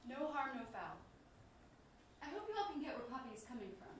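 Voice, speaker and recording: An actress on stage playing a calm, thoughtful young woman speaking in a measured way. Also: high voice, distant mic. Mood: earnest. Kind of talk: stage play acting. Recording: echoey theater with room noise.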